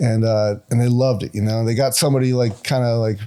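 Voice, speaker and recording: A man's voice: medium pitch, fast talker, few pauses, smooth. A man in his forties, a guest tattoo artist, telling stories in casual podcast talk and acting out quotes with a raised voice. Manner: animated, acts out quotes with raised voice.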